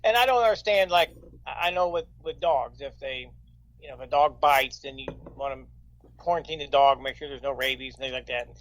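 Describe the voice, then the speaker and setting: A man, a coroner guest in casual chat, halting and hedging with restarts. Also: medium pitch, fairly bright tone, a little hiss or hum, low-quality recording.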